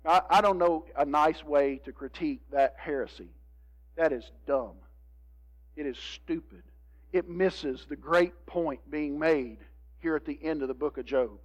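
A man preaching a sermon, moving between hushed, drawn-out lines and emphatic appeals to his congregation. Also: a little high, rough recording. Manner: dramatic, swings from hushed to emphatic, addresses congregation. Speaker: pastor.

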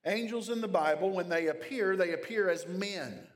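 A man delivers an expository sermon, reading scripture passages aloud and then unpacking them for his listeners. His voice sits a little on the high side for a man. The sound carries a long reverb, as in a large church sanctuary. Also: moderate pace. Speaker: pastor.

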